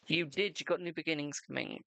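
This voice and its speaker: A man's voice: on the high side, brisk, vocal fry, pushed and bright, no room sound. A man hosting a live tarot reading stream, chatting casually with viewers and calling them darling and boo.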